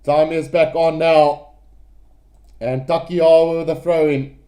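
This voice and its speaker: A man giving live play-by-play rugby commentary, excitable and addressing his viewers directly. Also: fairly high pitch, slow, long pauses.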